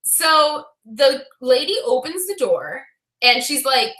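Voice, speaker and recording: A woman vlogger telling a story casually, her voice high and bright. She scatters "like" through every sentence and laughs easily. The sound bounces around an echoey room. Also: very animated, slow.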